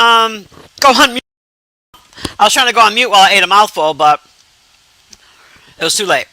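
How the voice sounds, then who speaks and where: An expressive, pushed, bright voice of medium pitch comes through a low-quality recording as the woman trash-talks a movie on a casual livestream. Profane and blunt, she teases her silent chat and rambles, restarting often and lingering on drawn-out asides.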